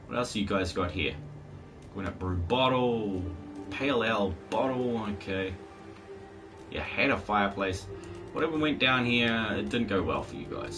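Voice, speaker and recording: A man live-streaming a game in casual chat, rambling along and talking to his viewers and the game's dog. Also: on the low side. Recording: distant mic with faint background noise.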